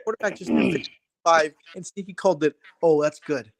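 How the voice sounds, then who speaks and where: A man with a slightly high voice talks fast in a casual sports debate. He interrupts a lot and pushes back defensively. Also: fairly even intonation, gravelly. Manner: quick, defensive, keeps interrupting.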